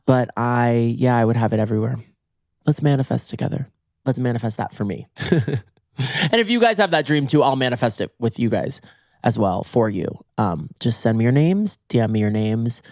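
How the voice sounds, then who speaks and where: Dramatic podcast guy riffing from bed, a bit hoarse, voice leaping up and down, dead dry sound. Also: animated, a little fast, a little mellow, no room sound. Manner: theatrical, swings pitch wildly for emphasis. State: slightly hoarse from illness. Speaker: podcast host. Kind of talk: comic monologue. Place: in bed at home.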